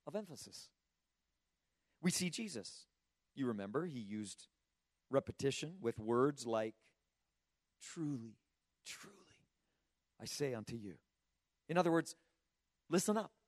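A slightly hoarse man preaching a sermon in an earnest, emphatic way, asking rhetorical questions and often restarting his words. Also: medium pitch, no room sound, clean studio sound. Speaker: pastor.

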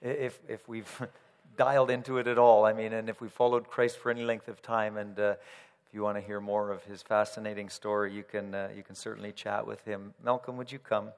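A man's voice: fairly low pitch, level tone, fairly quick, smooth. A male pastor leading a service in a conversational way, with frequent fillers. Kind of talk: sermon. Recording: reverberant church hall.

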